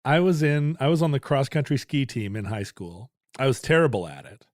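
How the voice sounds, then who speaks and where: A man's voice: medium pitch, lively intonation, fairly quick, dry recording, clean studio sound. A man from Alaska, co-hosting a podcast and telling rambling, self-deprecating stories in casual chat. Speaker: podcast co-host.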